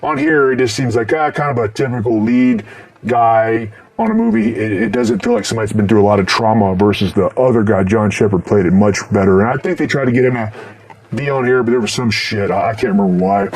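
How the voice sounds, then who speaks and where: A middle-aged man reviewing horror movies in a casual, rambling way, swearing constantly and breaking into loud laughs. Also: medium pitch, expressive, fairly quick, gravelly. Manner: profane, rambling, bursts into loud laughs and shouts.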